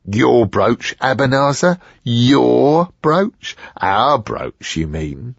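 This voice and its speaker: A man's voice: medium pitch, sing-song, drawn-out words, vocal fry, dry recording, dull audio, voice pushed up, heavily acted. A man voicing a bulky, quarrelsome crook who blusters and accuses. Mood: accusing.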